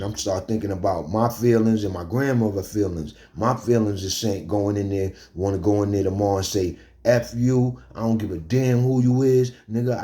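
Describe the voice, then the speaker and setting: A young man from the Bronx telling a prison war story in animated street slang. His voice sits low and warm, and he keeps pulling the listener in with quick check-ins. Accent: New York, Bronx. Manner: animated, slangy, fillers like "you heard?".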